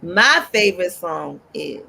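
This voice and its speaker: A woman with a gravelly, slightly husky voice hosts a talk show like she is preaching. She is animated and her voice leaps upward whenever she exhorts the listener. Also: unhurried. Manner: animated, preachy, swoops up high when exhorting.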